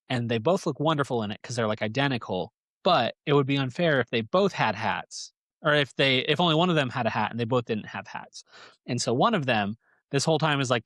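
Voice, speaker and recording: Man, podcast host, casual rambling storytelling, jokey, mid-pitched voice, dry close sound. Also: a bit bright, dry recording. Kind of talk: casual chat.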